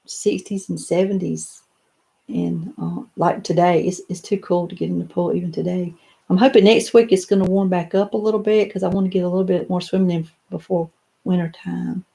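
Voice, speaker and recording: A woman's voice: on the low side, fairly even intonation, normal speed, vocal fry, dark tone. Chatty older woman on a live stream. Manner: chatty and rambling, with many fillers and restarts. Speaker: doll collector hosting a live stream. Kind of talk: casual live-stream chat, answering viewer comments. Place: home office lined with doll showcases.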